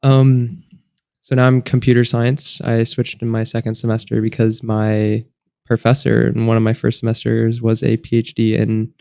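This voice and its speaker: A man in his twenties, a college student and podcast guest, chatting casually in a laid-back, halting way with many fillers. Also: medium pitch, completely flat delivery, vocal fry, dark tone, clean tone, no room sound, clean studio sound. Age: 20s. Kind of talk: casual chat. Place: college town studio room.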